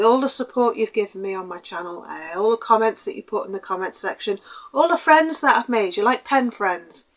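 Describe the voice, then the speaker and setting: Chatty woman with a raised pitch. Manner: chatty and rambling, self-described waffly; warm and grateful. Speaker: crafting vlogger. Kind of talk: casual chat to camera.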